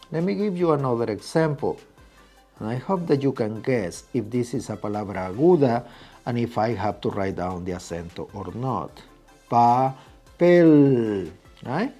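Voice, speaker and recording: Patient man teaching, animated pitch. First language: Spanish. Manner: patient, asks "right?" after nearly every point. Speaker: Spanish teacher. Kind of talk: video lesson.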